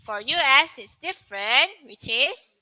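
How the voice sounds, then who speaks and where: A young woman with a Malaysian English accent teaching an English pronunciation lesson, modelling words slowly and asking the viewers questions. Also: high voice, lively intonation, bright, forceful tone, low-quality recording.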